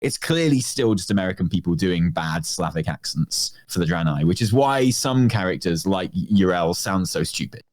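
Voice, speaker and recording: A man's voice: sits low, animated, moderate pace, few pauses, darkish tone. A man co-hosting a podcast, chatting casually and jokingly, rambling with lots of fillers. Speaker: podcast co-host. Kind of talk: casual chat.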